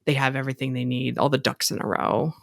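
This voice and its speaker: A woman's voice: very deep voice, flat delivery, fast talker, gravelly, no echo. Giggly rambling woman podcaster, dry. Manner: rambling, giggly, lots of restarts. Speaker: podcast co-host. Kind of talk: casual chat.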